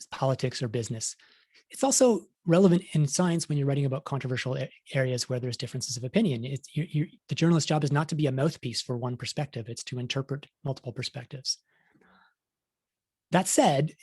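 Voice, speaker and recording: In a studio-quality recording with no room sound, a middle-aged science journalist speaks at medium pitch in a husky, slightly mellow voice. His conference talk is conversational, with many restarts and quotes he acts out.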